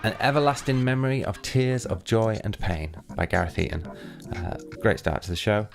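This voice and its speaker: A man hosting a storytelling show, introducing the next story in a relaxed, casual way. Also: lowish voice, moderate pace, gravelly, music in the background. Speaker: host.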